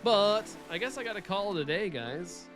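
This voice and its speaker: A man's voice: high voice, animated, moderate pace, fairly bright tone, faint music behind. A man chatting casually with his live-stream viewers, rambling and laughing often.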